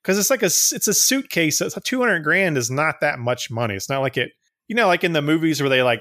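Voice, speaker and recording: A man's voice: a little high, animated, quick pace, bright, forceful tone. A man co-hosting a podcast in casual chat, rambling and profane, laughing often. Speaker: podcast co-host.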